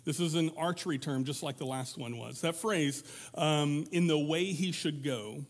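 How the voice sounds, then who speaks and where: A man's voice: on the high side, normal speed. A man preaching a sermon at a church in a conversational way, slipping into quoted voices to act out examples. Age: adult parent. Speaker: pastor.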